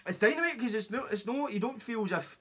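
A man's voice: very high-pitched, expressive, quick pace, fairly bright tone. A Scottish man hosting a podcast, chatting enthusiastically and swearing freely. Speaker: podcast host. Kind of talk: casual podcast chat.

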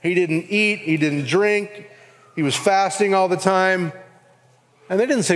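A man's voice: high voice, lively intonation, normal speed, a bit bright. A man giving an earnest sermon as pastor with a Southern US accent. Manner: earnest preaching, acts out quoted voices. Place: church sanctuary. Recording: long reverb of a hall.

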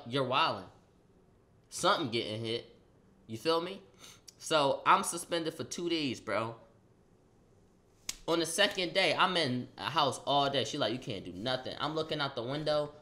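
A young man casually telling a story in slang, acting out the quotes loudly. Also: a little high, animated, a little slow, pauses often. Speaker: vlogger.

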